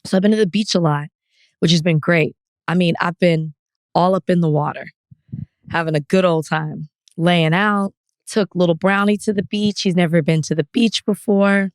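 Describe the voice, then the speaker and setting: A woman's voice: fairly low pitch, normal speed, no echo, clean studio sound. A woman co-hosting a podcast, telling a story in casual chat with frequent laughter. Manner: animated storyteller, laughs often. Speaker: podcast co-host.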